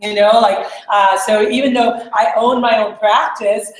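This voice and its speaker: A woman's voice: a little high, steady tone, a little slow. A woman leading a meeting, telling stories in a casual, chatty way with lots of fillers. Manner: chatty storytelling with many fillers. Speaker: sales team leader addressing a meeting. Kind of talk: casual motivational talk. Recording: echoey room.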